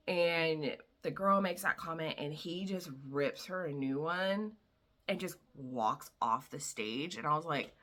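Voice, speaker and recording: A woman vlogger casually recapping a novel, chatty and full of "like" and "you know", quietly acting out the characters' lines. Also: lowish voice, normal speed. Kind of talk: casual book summary.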